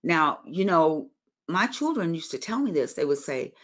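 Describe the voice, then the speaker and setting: A woman in her sixties leads a Bible study in a somewhat low voice. She talks in an earnest, motherly way, as if chatting with the group. She addresses her listeners directly. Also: very animated, moderate pace. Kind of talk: conversational Bible study teaching.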